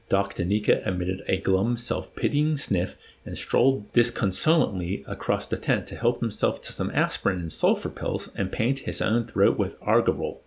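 A man reading a novel aloud expressively, pausing now and then to comment. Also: low voice, lively intonation, vocal fry. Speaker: reader.

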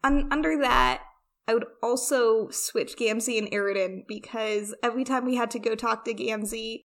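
A woman's voice: on the high side, moderate pace, a bit bright. A woman co-hosting a casual chat, rambling and self-deprecating, with frequent restarts. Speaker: podcast co-host.

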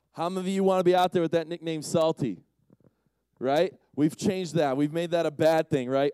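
A man's voice: fairly high pitch, normal speed, dark tone, smooth, dry recording. A man giving a casual, joking sermon to a young audience as a conference speaker, teasing the crowd as he goes. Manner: playful, teases the audience.

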